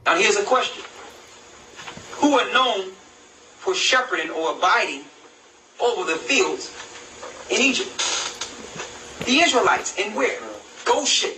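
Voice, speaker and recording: A man reading aloud from an old history text and commenting on it, slowly and emphatically, with rhetorical questions. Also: sits high, lively intonation, sharp tone. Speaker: religious video host. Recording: roomy echo, distant mic, noisy background.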